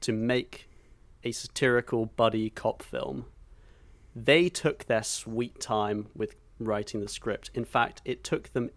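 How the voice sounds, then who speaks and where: An excitable man chatting on a podcast, swearing freely and breaking into sound effects as he retells scenes. His voice sits at an ordinary middle pitch. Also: slow pace. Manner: enthusiastic, sweary, acts out film moments with sound effects. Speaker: podcast co-host. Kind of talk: casual podcast chat.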